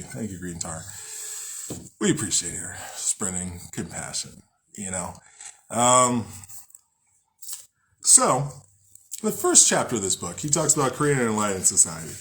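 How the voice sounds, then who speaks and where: A man's voice: fairly low pitch, very animated, unhurried, long pauses, a bit bright. A man hosting a casual spiritual talk, rambling, joking and swearing freely as he reads from a book. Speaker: host.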